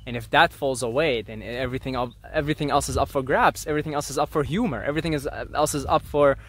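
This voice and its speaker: A man musing aloud in an unscripted monologue, halting often with fillers and restarts, repeating phrases and at times dropping to soft near-whispers. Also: mid-range voice. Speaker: vlogger.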